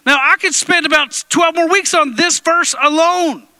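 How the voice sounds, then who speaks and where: A man's voice: fairly even intonation, normal speed, sharp tone, dry recording. A man preaching a sermon to his congregation in church, playful and joking with the room. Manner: playful, jokes with the congregation, drops into deep impressions. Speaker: pastor. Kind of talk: energetic sermon. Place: church sanctuary.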